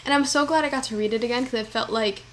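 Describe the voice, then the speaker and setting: A woman's voice: on the high side, quick pace, slight background noise. A young woman vlogging at home in her kitchen, rambling and heartfelt, with lots of fillers. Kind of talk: casual chat.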